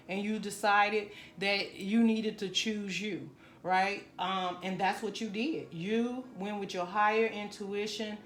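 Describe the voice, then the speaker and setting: A woman gives a tarot love reading straight to her listener, talking earnestly and conversationally. Her middle-pitched voice rings in a noticeably echoey room, and she keeps asking "right?" as she goes. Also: slight background noise. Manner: conversational, earnest, leans on "you know" and "right?". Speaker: tarot reader.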